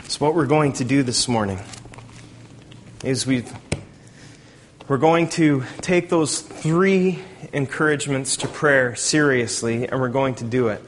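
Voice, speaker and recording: A male pastor preaches in a relaxed, conversational way, speeding up and rising with sudden emphasis. His voice sits in a middle register. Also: mid-range voice, normal speed, a little hiss or hum. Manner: conversational, animated with dramatic emphasis. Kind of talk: sermon.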